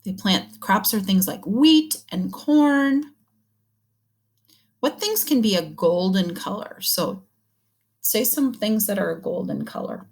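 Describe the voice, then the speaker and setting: A woman teacher leads an early reading lesson, talking slowly and patiently. She sounds out short words letter by letter and cheers the children on warmly. Her pitch sits in a middle range. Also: animated, slightly rough. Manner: slow, encouraging, sounding words out.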